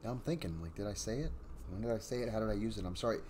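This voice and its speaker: Low-voiced rambling stream host. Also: male voice, racing, darkish tone, a little hiss or hum. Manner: rambling and apologetic, with many fillers. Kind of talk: casual live stream chat and story reading.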